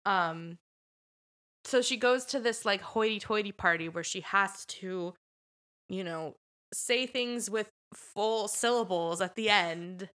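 A woman co-hosting a film podcast, recapping scenes in a blunt, lively way. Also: mid-range voice, slow pace. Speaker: podcast co-host. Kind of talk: casual film review chat.

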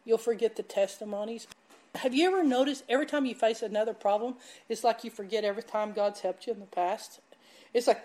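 A woman preaching a sermon, emphatic and animated as she tells stories. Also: on the high side, a little fast. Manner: animated, emphatic, laughs while telling stories. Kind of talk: sermon with storytelling.

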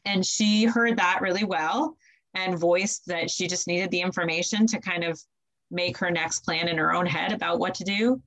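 A young woman, a student midwife, telling stories in a casual podcast interview, animated and quick to laugh. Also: lowish voice, low-quality recording. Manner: animated, laughs often, acts out quotes with her voice.

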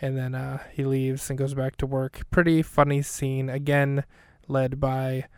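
A man's voice: mid-range voice, flat delivery, measured pace, smooth, dry recording, studio quality. A man hosting a podcast, recapping an episode in a casual, rambling way, full of fillers and self-corrections. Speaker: podcast host.

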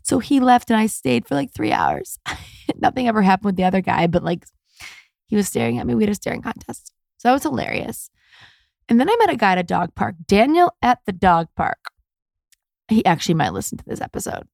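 A woman's voice: medium pitch, fairly quick, creaky, no echo, studio quality. A woman hosting a podcast, telling dating stories in a candid, chatty way and acting out both sides of conversations. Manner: chatty, candid, animated with quoted voices. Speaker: podcast host. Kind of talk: casual storytelling monologue.

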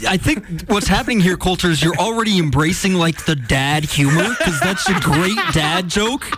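A man's voice: sits high, animated, moderate pace, fairly bright tone. A man co-hosting a sports radio show, teasing his partner in easygoing, laughing banter. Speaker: radio co-host.

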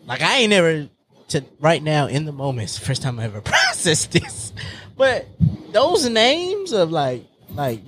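A man talking in a casual group conversation, animated and joking, laughing often as he opens up. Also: on the high side, measured pace, slight background noise. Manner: animated, laughs often, jumps between jokes and confessions.

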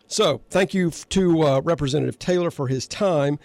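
An older man hosting a call-in political radio show, his voice sitting a bit higher than most men's. He gets worked up, repeating questions as his voice climbs. The studio sound is dry and close. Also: moderate pace, hardly any pauses, a little mellow, no room sound. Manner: gets fired up, pitch rising sharply on emphatic questions. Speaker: radio talk show host.

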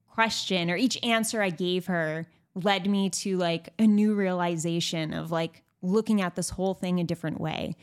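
A young woman hosting a podcast, chatting candidly and frankly, with lots of fillers and some swearing. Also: lowish voice. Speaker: podcast host. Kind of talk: candid casual chat.

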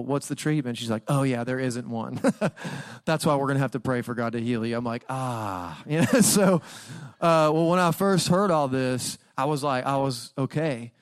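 A young man preaching in church, chatty and personal, with a voice in the middle range for a man. He tells his stories casually, then rises into loud, dramatic outbursts. The sound is close and dry, with almost no room echo. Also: mid-range voice, smooth. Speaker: guest pastor. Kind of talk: sermon. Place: church auditorium.

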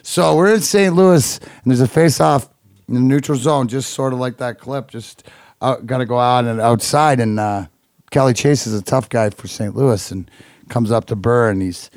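Gravelly man telling hockey stories. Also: mid-range voice, normal speed, no echo, studio quality. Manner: animated, swearing, laughing often. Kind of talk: casual storytelling.

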